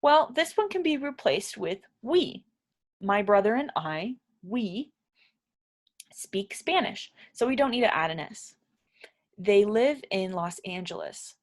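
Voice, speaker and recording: A woman's voice: medium pitch, sing-song, slow pace. Patient woman teaching grammar. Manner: patient, explains step by step, asks learners questions. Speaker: English teacher. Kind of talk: grammar lesson.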